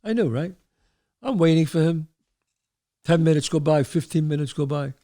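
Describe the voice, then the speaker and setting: A man from the Bronx, hosting a show and telling stories, animated and acting out voices. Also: a little high, normal speed. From the Bronx, New York. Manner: animated, acts out voices, trails off mid-sentence. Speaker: host. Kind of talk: storytelling.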